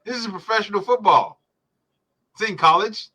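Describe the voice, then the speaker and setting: A man on a sports podcast, his voice strikingly bright and sharp, riffing heatedly on a live game. He swears casually and keeps circling back to press his argument. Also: high-pitched, normal speed. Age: adult parent. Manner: profane, heated sports rant. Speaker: podcast host. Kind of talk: live football reaction chat.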